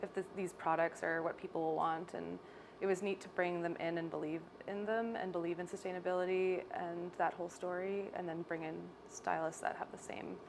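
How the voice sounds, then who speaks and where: A young woman with a Canadian accent, a salon owner chatting in an interview, bubbly and animated, often laughing as she tells stories. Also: on the low side, gravelly, background noise. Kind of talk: casual interview chat. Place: hair salon.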